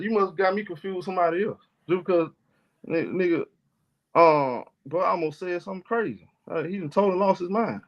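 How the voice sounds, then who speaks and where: A man hosting a livestream in heated casual chat, combative and quick to raise his voice. His voice sits a bit high for a man, and the stream audio is muffled and lo-fi. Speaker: livestream host.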